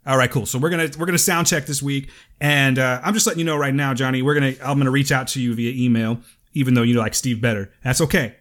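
A man's voice: mid-range voice, fairly even intonation, quick pace, a bit bright. Chatty man hosting a podcast. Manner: chatty, teasing, reads listener emails aloud. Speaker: podcast host. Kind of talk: casual chat.

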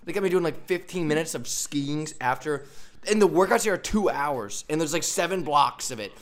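A young man hosting a podcast, telling a story in a casual, animated way, with frequent laughs and fillers. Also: fairly high pitch, moderate pace. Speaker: podcast host. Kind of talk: casual chat.

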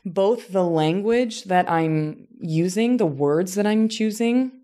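A woman from Southern Indiana who teaches, talking in a relaxed conversation about how people speak, thinking aloud with frequent restarts. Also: medium pitch, slow. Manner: reflective, animated examples, frequent restarts. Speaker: teacher and voice coach. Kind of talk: casual conversation.

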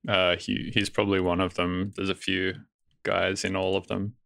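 Deep, crisp Australian man, laid-back. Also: level tone, moderate pace, a bit bright, no room sound, studio quality. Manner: laid-back, swears casually. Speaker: podcast guest. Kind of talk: casual chat.

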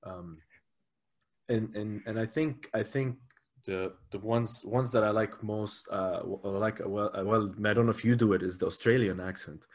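A man's voice: lowish voice, fairly even intonation, moderate pace. A man hosting a casual chat, talking hesitantly with many restarts. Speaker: interviewer.

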